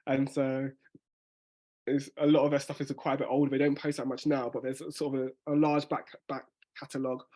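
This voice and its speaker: A man leading a spoken word workshop over a video call, a fast talker who restarts his sentences as he explains. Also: mid-range voice, level tone, mellow. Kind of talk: casual teaching on a video call.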